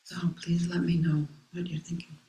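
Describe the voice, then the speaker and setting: A woman Zen teacher giving a dharma talk, reading a meditation text aloud and commenting on it in a slow, contemplative way. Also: on the low side, level tone, mellow, reverberant, poor audio. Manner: slow, contemplative, pausing often. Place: meditation hall.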